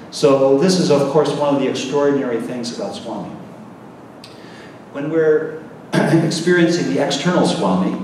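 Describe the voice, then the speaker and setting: A man's voice: mid-range voice, darkish tone. A middle-aged man gives an informal spiritual talk to a gathering, telling stories with casual asides and repeating words. He is recorded from a distance in a large hall, his voice ringing with a long reverb over a faint hiss of ambience. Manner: conversational, storytelling, with quick asides and repeated words. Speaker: visiting spiritual speaker. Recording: echoey hall recorded from far off.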